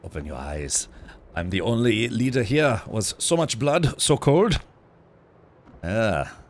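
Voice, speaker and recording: A man voicing a bitter, scheming young traitor son in a put-on French accent, speaking in a slow, sneering way. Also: on the low side, sing-song, exaggerated voice. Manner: sneering, resentful, slowed. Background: game music.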